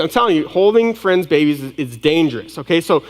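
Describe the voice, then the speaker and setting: Chatty young preacher in a reverberant hall. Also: male voice, on the high side. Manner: casual, self-deprecating storytelling with quick asides. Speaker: pastor. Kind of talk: sermon. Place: large church hall.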